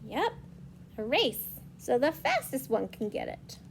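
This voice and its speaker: Woman reading a kids book, slow sing-song, high voice. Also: vocal fry, a little hiss or hum. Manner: slow, animated, sing-song, explaining to children. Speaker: children's storyteller. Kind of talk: picture book read-aloud with commentary.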